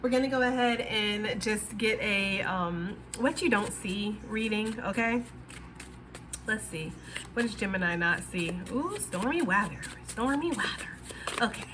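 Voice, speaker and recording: A woman's voice: mid-range voice, measured pace, background noise. A woman giving a casual, rambling tarot reading, talking straight to her viewers. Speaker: tarot reader.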